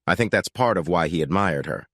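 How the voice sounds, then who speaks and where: A man narrating a first-person story in a steady, scripted way. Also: deep voice, fairly quick, no room sound, clean studio sound.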